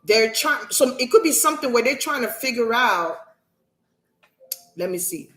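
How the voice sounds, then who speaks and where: A woman psychic reader speaking to her viewers in an emphatic, defiant monologue, preachy and indignant, sometimes dropping to a soft murmur. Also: on the high side, lively intonation, moderate pace, rough recording.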